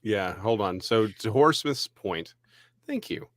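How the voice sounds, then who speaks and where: A man from Texas with a low voice chats casually as a podcast co-host. He often restarts his sentences, then runs on quickly. The sound is dry, as if right at the mic. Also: lively intonation, fairly bright tone, dry recording. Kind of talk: casual chat.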